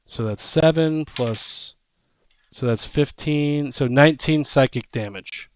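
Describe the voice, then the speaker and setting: A man's voice: fairly high pitch, takes it slowly. A man running a tabletop game as dungeon master, hesitant with lots of ums.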